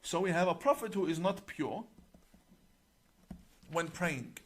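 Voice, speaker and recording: With background noise behind him, a middle-aged imam whose voice sits somewhat high explains a religious text on camera. He's animated yet deliberate and emphatic, drawing out key words, and he recites some passages in Arabic.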